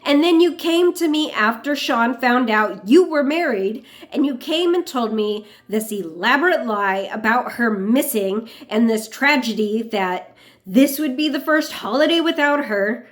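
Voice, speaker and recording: Woman doing a fed-up young woman grilling her liar boyfriend, pretty high pitched. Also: animated, measured pace. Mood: accusing. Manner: pointed, sarcastic questioning. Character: young woman confronting a lying lover, indignant.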